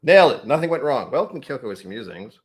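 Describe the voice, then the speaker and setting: A man's voice: mid-range voice, very animated, rapid-fire, loud music behind the voice. A man hosting a livestreamed whiskey tasting from home, chatting in a playful, self-mocking way and laughing easily. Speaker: host.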